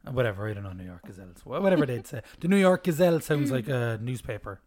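A man's voice: medium pitch, expressive, fast talker, hardly any pauses, darkish tone. A young man co-hosting a podcast in casual chat, swearing freely and laughing often. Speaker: podcast co-host.

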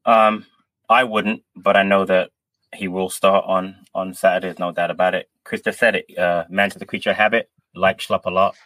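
Low, bright-voiced man thinking aloud. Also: level tone, normal speed, no room sound. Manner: hesitant, thinks aloud with many ums. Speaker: podcast co-host. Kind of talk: casual football podcast chat.

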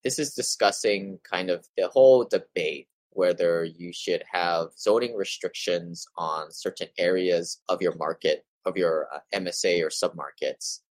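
A man's voice: deep voice, measured pace, hardly any pauses, no echo, low-quality recording. A man hosting a real estate investing show, reading from articles and adding casual opinions, with some stumbles. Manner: reads passages then adds offhand opinions, some stumbles.

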